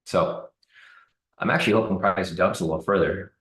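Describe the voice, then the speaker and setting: Low-voiced man commenting on live trading. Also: moderate pace, reverberant, rough recording. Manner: relaxed, thinking aloud with fillers. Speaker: trading streamer.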